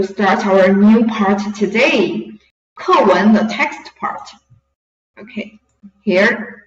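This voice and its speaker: Slow, patient woman teacher. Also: fairly high pitch. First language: Mandarin Chinese. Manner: slow, patient explaining, switching between English and Mandarin. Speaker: Chinese teacher. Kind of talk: language lesson explanation. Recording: echoey, distant, dull lo-fi room recording.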